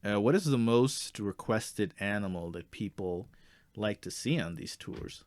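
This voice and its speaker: A man's voice: fairly low pitch, animated, unhurried, dry recording. A man hosting a comedy sketch as a tourist, asking hesitant, polite questions.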